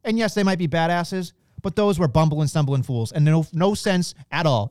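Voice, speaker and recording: A man co-hosting a wrestling podcast, blunt and profane, ranting in animated casual chat. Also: on the high side, moderate pace, hardly any pauses, smooth, no echo, studio quality.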